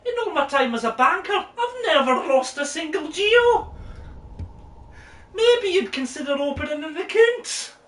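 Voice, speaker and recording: Brief: woman playing a cheery Yorkshire bug banker in a game, high sing-song pitch, heard from afar in an echoey room over music. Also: big pitch swings, a little slow, a bit bright, recorded from a distance, heavily acted. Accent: put-on Yorkshire. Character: chirpy bug banker woman, genteel and eager.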